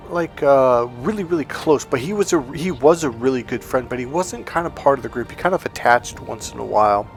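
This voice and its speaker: A man telling a childhood story in a casual monologue, with frequent "like" fillers and quoted lines. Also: medium pitch. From Northern California. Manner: casual, heavy use of "like", acts out quoted lines. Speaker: relationship coach.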